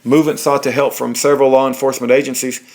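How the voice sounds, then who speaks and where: A man's voice: medium pitch, level tone, racing, darkish tone. A man reading legal documents aloud in a plain way, with fillers and restarts. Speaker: reader of court documents.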